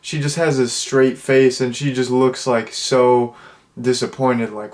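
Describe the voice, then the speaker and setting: A man's voice: medium pitch, little pitch movement, a little slow, darkish tone. A young man reviewing a comedy film in a casual, rambling way, full of fillers and restarts. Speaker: movie reviewer.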